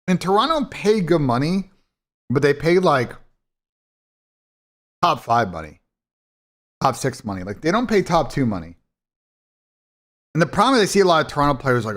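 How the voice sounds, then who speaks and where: A man's voice: fairly high pitch, very animated, moderate pace, pauses often, a bit bright. A man hosting a live esports watch party in casual, blunt, profane talk that rambles and restarts. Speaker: esports streamer and commentator.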